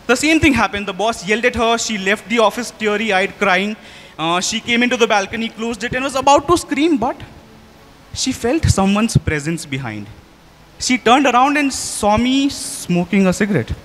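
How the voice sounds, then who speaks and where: A young male storyteller with a very high, bright voice addresses his listeners directly. He is chatty and animated, slowing down and speeding up for effect. The sound carries a long hall reverb. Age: young adult. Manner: animated, shifts pace for effect. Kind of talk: live storytelling performance.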